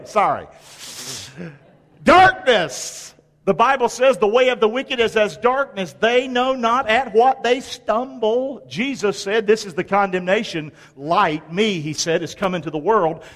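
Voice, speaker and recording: A man's voice: sits high, big-room sound. A man preaching a sermon in a folksy way, calling on the congregation to answer and repeat after him. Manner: folksy preaching with call-and-response. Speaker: pastor. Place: church sanctuary.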